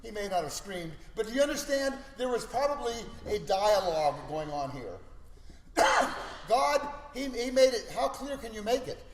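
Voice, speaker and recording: Brief: high-pitched male Bible teacher, lively storyteller, echoey classroom with long reverb. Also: moderate pace. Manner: animated storytelling, checks in with listeners. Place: school classroom.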